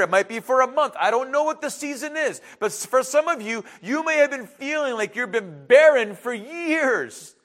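A pastor delivers a conversational sermon, asking his listeners questions and repeating words, swinging between loud emphasis and quiet asides. His voice is extremely high-pitched.

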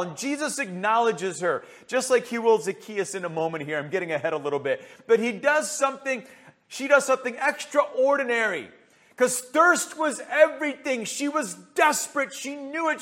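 A man preaching a sermon with passion, asking rhetorical questions and swinging between loud emphasis and hushed asides. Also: high-pitched.

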